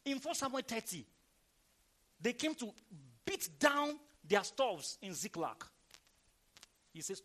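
High, lively preacher man. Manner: emphatic preaching, calls on the congregation to respond; reads scripture aloud in a slow, drawn-out cadence. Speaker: pastor. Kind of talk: sermon.

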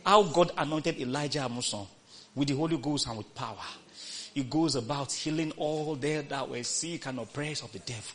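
A man preaching a sermon, repeating phrases and swinging from loud calls to hushed, quoted scripture. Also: mid-range voice, moderate pace.

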